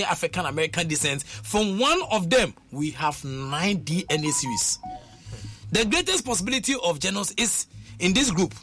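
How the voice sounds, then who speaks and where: A man's voice: high-pitched, bright, forceful tone. A man talking emphatically on a radio panel, repeating phrases as he drives home his points. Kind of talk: animated radio discussion.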